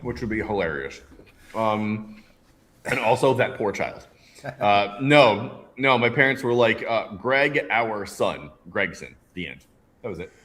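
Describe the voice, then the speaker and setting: A man's voice: on the low side, unhurried. A man in his thirties co-hosting a casual show, telling stories and acting out other people's lines. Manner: animated storyteller, acts out voices in anecdotes. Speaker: podcast co-host. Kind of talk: casual chat.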